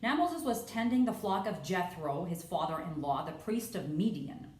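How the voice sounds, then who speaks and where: Woman Bible teacher, lowish voice, earnest and conversational, echoey room. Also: lively intonation, normal speed, a little mellow. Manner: earnest, conversational, stumbles and restarts, acts out dialogue. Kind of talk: casual Bible study talk.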